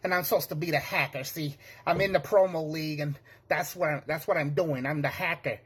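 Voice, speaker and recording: A man's voice: on the high side, a little fast, a bit bright, husky. A young man performing a comedic sketch monologue, flustered and panicky, whining and apologizing.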